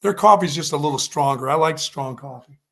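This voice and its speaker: A man's voice: a little high, a little fast, fairly bright tone. A man co-hosting a sports talk show, chatting casually in a rambling, folksy way that often repeats itself. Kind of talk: casual sports radio chat.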